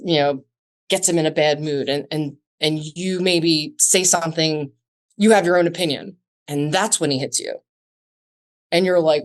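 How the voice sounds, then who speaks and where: A woman guest on a podcast, talking through a scenario in a storytelling way and acting out the quoted dialogue. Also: fairly low pitch. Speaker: guest, self-defense instructor. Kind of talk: conversational podcast interview.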